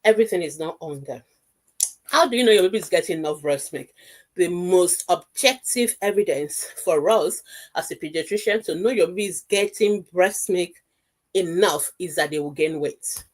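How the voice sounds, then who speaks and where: A woman's voice: lowish voice, normal speed. Reassuring woman pediatrician, emphatic. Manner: emphatic, repeats key points in lists; reassuring, addresses mothers directly. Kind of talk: health webinar talk.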